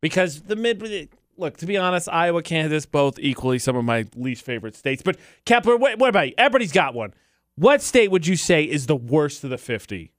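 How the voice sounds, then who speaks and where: A man's voice: fairly high pitch, sing-song, fairly quick, no room sound. Joking male radio co-host, dry mic. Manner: joking, teasing. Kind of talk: casual radio banter.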